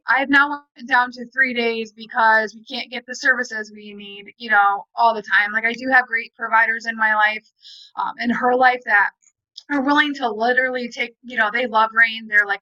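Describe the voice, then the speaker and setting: A woman's voice: on the high side, moderate pace, sharp tone, dry recording, highs cut off. A woman and parent on a video call, speaking in a rambling, emphatic way and often acting out what people said to her. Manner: rambling, emphatic, retelling dialogue. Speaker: parent and guest. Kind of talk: casual conversation.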